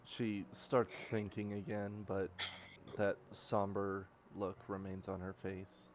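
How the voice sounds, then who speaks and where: Slow, low-voiced man narrating his character. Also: completely flat delivery, a little hiss or hum. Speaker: player. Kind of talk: tabletop game narration. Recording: muffled lo-fi with music behind.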